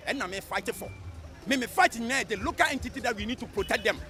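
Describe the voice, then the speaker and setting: A man with a Ghanaian accent giving an impassioned, animated outdoor street interview, mixing English with local speech. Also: very high voice, quick pace, soft background music.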